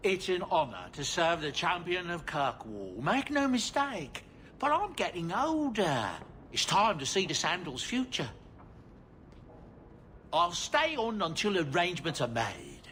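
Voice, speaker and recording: A man's voice: sits high, huge pitch swings, measured pace, a bit bright, slight background noise, exaggerated voice. An actor playing an aging dwarf manservant in a game, chatty and fatherly, rambling along with chuckles. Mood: fond. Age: older.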